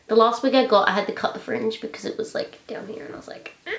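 A young woman chatting casually with a friend, giggly and animated. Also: a little high, fast talker, creaky. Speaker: guest friend. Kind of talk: casual chat. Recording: roomy echo, faint noise.

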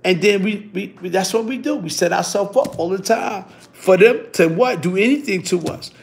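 A middle-aged man, telling stories in a casual, animated way, full of street slang and repeating himself. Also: sits high, moderate pace, slight background noise. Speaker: interviewee. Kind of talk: casual storytelling.

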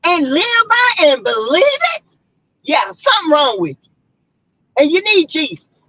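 A woman from South Carolina preaches and rants hard at her viewers from inside her car, fiery and blunt. Her voice sits high and swings widely up and down. The sound is dull and lo-fi, with a dry, close feel. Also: sing-song, measured pace, fairly bright tone, no room sound. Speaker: vlogger. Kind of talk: heated rant to viewers.

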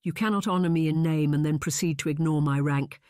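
A man voicing a soft-spoken young marquis. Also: steady tone, dry recording, studio quality, close to an everyday voice. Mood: insistent. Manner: slow, soft, low-spoken. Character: young aristocratic man, gentle and insistent. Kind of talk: audiobook character voice.

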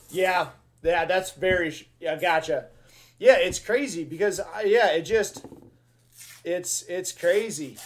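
Loud bursts of cheer punctuate the easygoing, slangy chatter of a man hosting a live coin-hunting stream and talking casually with viewers. He is excitable, high-pitched, and slow-paced.

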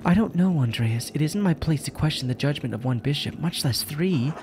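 A man's voice: a little high, lively intonation, brisk, a little mellow, a little hiss or hum, voice pushed up. A man reading a prim, stern nun librarian. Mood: exasperated. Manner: prim, lecturing.

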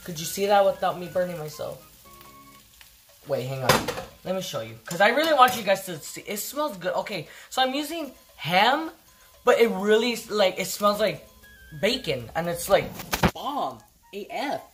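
A woman's voice: medium pitch, lively intonation, moderate pace, over loud music. A woman chatting casually to camera in a home kitchen, rambling and giggling, with lots of fillers. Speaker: vlogger.

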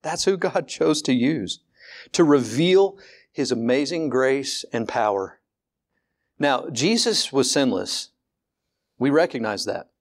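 A man preaching a sermon as pastor, candid and conversational, often repeating words and slowing down to stress a point, with rising rhetorical questions. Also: medium pitch, animated.

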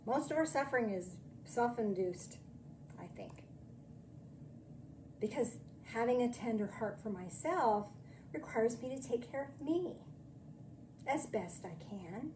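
A woman minister with a somewhat high, mellow voice preaches in a chatty, self-deprecating way. She then slows into a soothing guided meditation. A faint hiss sits behind her. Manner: slow, soothing meditation guidance.

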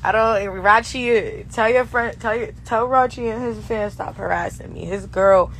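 Hoarse young woman on a phone live from a tour bus, brash, cussing and laughing a lot. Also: a little high, normal speed, slight background noise. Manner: brash, profane, laughing often. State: hoarse, lost her voice. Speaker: livestream host. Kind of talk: casual live Q&A chat. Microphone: phone held for a social-media live stream.

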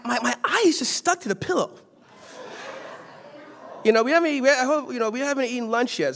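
High-voiced young preacher from Los Angeles. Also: male voice. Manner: storytelling, swings from quiet asides to shouted exhortation. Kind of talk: sermon. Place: church sanctuary.

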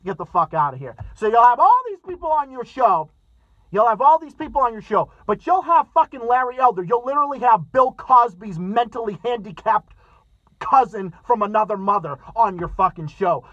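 A man's voice: sits high, fairly bright tone, no echo. A man giving an angry, heavily profane political rant, often stammering as he talks. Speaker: political commentator. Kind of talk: ranting commentary vlog. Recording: dull lo-fi dry sound.

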